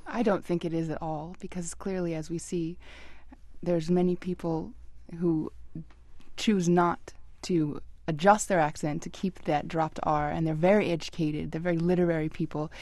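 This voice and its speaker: Calm, low-voiced woman academic. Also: normal speed, no room sound. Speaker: professor guest. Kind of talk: explanatory interview talk.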